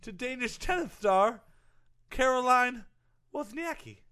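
A man in a comedic talk segment, rambling through gossip with deadpan jokes. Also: extremely high pitch, measured pace, clean tone. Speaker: comedy panel guest. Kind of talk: comedic improvised banter.

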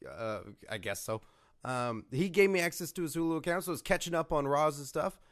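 A man with a fairly high voice co-hosts a comedy podcast. He rambles playfully and casually, with plenty of filler. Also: lively intonation, fairly quick, a bit bright. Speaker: podcast co-host.

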